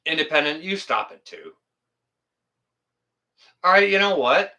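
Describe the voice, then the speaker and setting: Canadian guy on a livestream, chatty, lots of ums and uhs, bright voice that jumps around. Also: a little high, very animated, unhurried. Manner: rambling and joking with frequent fillers. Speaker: livestream host reading chat. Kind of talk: casual livestream chat.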